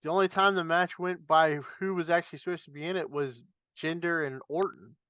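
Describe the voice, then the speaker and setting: A man's voice: fairly high pitch, steady tone, brisk, fairly bright tone, clean tone, no room sound, dull audio. A man hosting a podcast, leading casual wrestling chat and laughing easily. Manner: leads questions, laughs easily. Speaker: podcast host.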